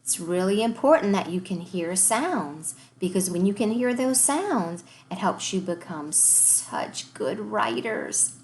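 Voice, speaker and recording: A woman teaching a recorded reading lesson to young children. She sounds out words slowly, one sound at a time, cheerful and encouraging. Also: mid-range voice, animated, a little mellow, slight background noise.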